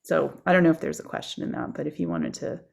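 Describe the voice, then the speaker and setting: Low, very gravelly woman. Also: fast. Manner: hesitant, many fillers. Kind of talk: casual rambling questions. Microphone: video call.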